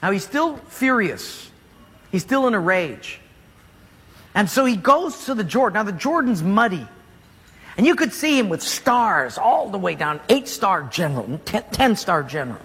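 A man's voice: high-pitched, very animated, moderate pace, a bit bright, slightly rough, big-room sound. A man preaching a sermon as pastor, telling the story animatedly with jokes.

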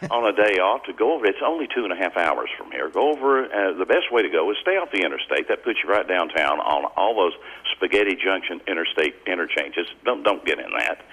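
An older man from Tennessee with a Southern accent and a deep, resonant radio voice, chatting folksily as a caller on a morning radio show and giving rambling, detailed directions. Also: sing-song, fairly quick, fairly bright tone, breathy edge, poor audio. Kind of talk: casual radio call-in chat.

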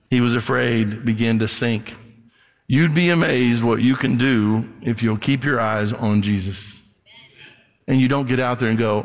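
Gravelly preacher in a reverberant hall. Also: male voice, mid-range voice, steady tone, measured pace. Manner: conversational preaching, acts out voices, ends in prayer. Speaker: pastor. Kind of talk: sermon. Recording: long reverb of a large hall.

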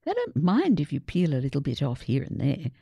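A woman voicing a gentle, wise grandmother in a children's story read aloud. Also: low-pitched, huge pitch swings, brisk, creaky, husky, dry recording, clean studio sound, exaggerated voice. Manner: gentle, encouraging.

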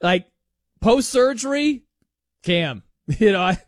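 Male radio host, animated and jokey, lively delivery, close dry mic. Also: high voice, slow pace, dry recording. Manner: animated, chatty, jokey asides. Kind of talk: casual radio talk.

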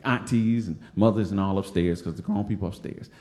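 A man from Detroit telling a personal story live on stage, animated and laughing as he acts out other people's voices. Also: fairly low pitch, a little fast, echoey room. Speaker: storyteller, stand-up comic.

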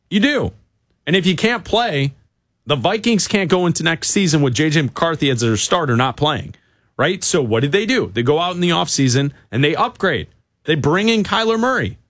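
A man's voice: a little high, fairly bright tone, no echo, studio quality. A man hosting a casual sports talk show, breaking down football news in a conversational, analytical way.

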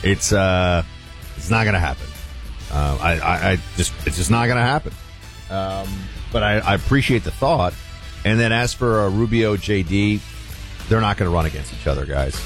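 A man's voice: sits low, normal speed, soft background music. A male radio talk host, chatting loosely with fillers as he takes calls.

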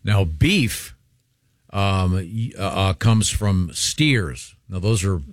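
A man's voice: low-pitched, lively intonation, slow pace, dry recording, studio quality. A man hosting a morning radio show, reading listener mail with joking asides in casual banter.

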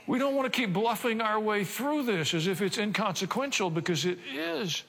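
A man's voice: high-pitched, animated, normal speed, fairly bright tone. An older man preaching a sermon, talking conversationally with asides and rhetorical questions. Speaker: pastor. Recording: reverberant church hall.

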